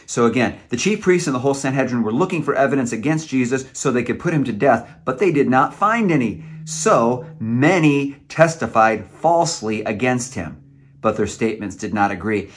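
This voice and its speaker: A man preaching a sermon, earnest and emotional, sometimes stumbling over his words. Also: medium pitch.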